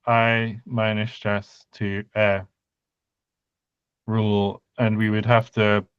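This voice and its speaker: Casting note: man, casual co-host, slow and halting delivery, smooth clear voice, dull lo-fi sound. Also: fairly low pitch, monotone, a bit bright, no echo. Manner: hesitant, thinking aloud with restarts. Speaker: podcast co-host. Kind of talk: casual chat about conlang sound changes.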